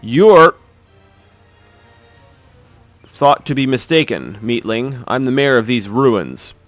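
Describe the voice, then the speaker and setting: A man voicing a gruff, grumpy male island mayor in a video game, curt and dismissive. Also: mid-range voice, unhurried, fairly bright tone, no room sound, soft background music, lightly acted.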